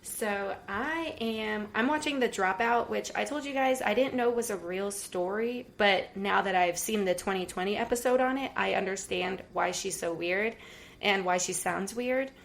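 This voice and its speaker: A woman co-hosting a casual podcast chat, telling stories in an animated, chatty way. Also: mid-range voice, normal speed, creaky. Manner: chatty, animated storytelling with laughs. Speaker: podcast co-host.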